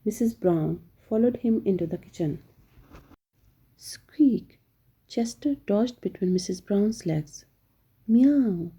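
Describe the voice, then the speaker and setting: A woman reading a children's picture book aloud with steady, careful storytelling. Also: mid-range voice, moderate pace, hardly any pauses, breathy edge. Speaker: storybook reader.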